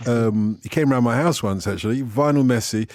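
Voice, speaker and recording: A man hosts a late-night radio phone-in from the studio, chatty and joking as he reads out listener emails. His mid-pitched voice sounds close and dry, with no room around it. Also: normal speed, darkish tone, no room sound.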